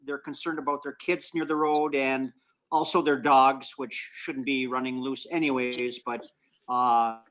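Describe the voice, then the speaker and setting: A man, a council member, raising a citizen concern in a halting, polite way full of repeated words. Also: mid-range voice, little pitch movement, a bit bright. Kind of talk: remote council meeting discussion.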